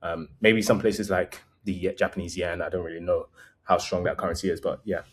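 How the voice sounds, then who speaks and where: A man's voice: low voice, fairly even intonation, a little fast. A man vlogging casual travel advice in a conversational, meandering way, often correcting himself mid-sentence.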